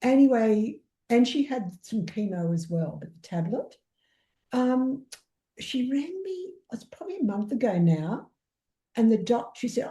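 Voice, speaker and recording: A woman from Australia with a mellow, warm tone, telling stories in a lively way and acting out each quote. Her voice rings out in an echoey room. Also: mid-range voice, unhurried. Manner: animated storyteller who acts out quotes. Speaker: energy healer, guest. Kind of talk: casual conversation.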